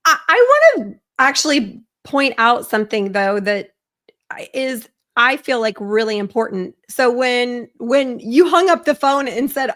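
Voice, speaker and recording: A woman's voice: a little high, animated, unhurried, fairly bright tone. A woman hosting an interview, pointing out a lesson in a thoughtful, coaching way. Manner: reflective, coaching tone. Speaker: host. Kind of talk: interview conversation.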